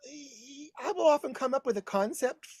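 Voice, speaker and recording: A man's voice: extremely high pitch, expressive, normal speed, a little mellow, no room sound. A middle-aged man in drag persona, a guest telling bawdy stories in campy casual chat over a video call, calling people honey.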